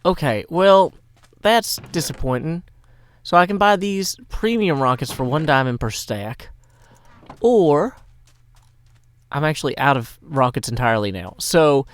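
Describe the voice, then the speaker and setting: Fairly high-pitched and animated, this man from Tennessee takes his time, leaving long pauses as he narrates Minecraft gameplay for his channel. The commentary is casual, wordy, and playful, with stagey asides.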